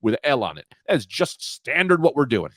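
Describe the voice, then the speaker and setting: A man's voice: mid-range voice, a little fast, breathy edge, dry recording, studio quality. A man co-hosting a comedy podcast, riffing sarcastically in casual chat with plenty of swearing. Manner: animated, sarcastic, swearing riffs. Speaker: podcast co-host.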